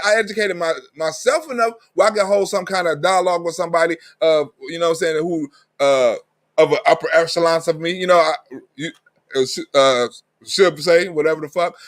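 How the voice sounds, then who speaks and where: High-voiced man ranting profanely. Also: a bit bright. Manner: profane, emphatic street talk. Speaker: live stream host. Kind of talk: ranting monologue.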